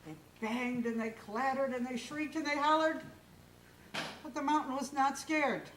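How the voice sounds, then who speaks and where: A woman storyteller with a fairly high voice tells a folk tale in a lively, expressive way. She is heard from far off in an echoing hall. A faint hum of ambience sits behind her. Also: unhurried. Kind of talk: folk tale told aloud on stage. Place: live stage in a hall.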